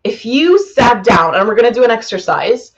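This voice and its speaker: A woman's voice: a little high, very animated, normal speed, dull audio. A woman business coach talking bluntly to a live audience, swearing freely and rambling. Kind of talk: live-streamed masterclass.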